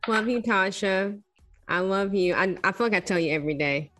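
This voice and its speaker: A woman's voice: mid-range voice, normal speed, fairly bright tone, faint music behind. A woman guest on a podcast, chatty and grateful. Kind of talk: casual conversational podcast talk.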